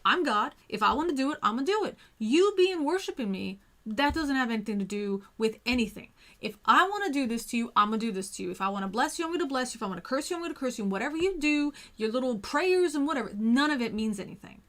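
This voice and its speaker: A woman doing a loud, boastful male god. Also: medium pitch, little pitch movement, normal speed, creaky, hardly any pauses, natural voice. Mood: indignant. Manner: loud, boastful, slangy bragging. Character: brash arrogant male god, boastful and domineering.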